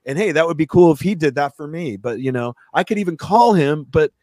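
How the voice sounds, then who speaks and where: A man's voice: on the high side, a little fast, no room sound, studio quality. A man hosting a radio talk show, telling a long story in a casual, swearing rant and acting out what other people said. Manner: animated, swears, acts out quoted people.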